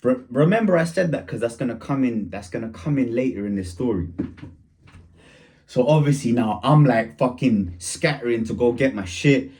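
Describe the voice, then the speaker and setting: Young man, casual slangy storyteller, mellow warm tone. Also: medium pitch, expressive, moderate pace. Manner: slangy, rambling, laughs while telling.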